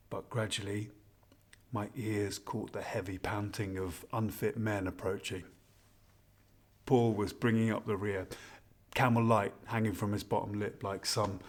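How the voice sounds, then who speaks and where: A man's voice: lowish voice, slightly rough. An actor performing a scripted monologue as a husband who fondly and ruefully reminisces while toasting his wife on their anniversary. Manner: intimate, confiding, rambling reminiscence. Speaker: narrator of a spoken monologue.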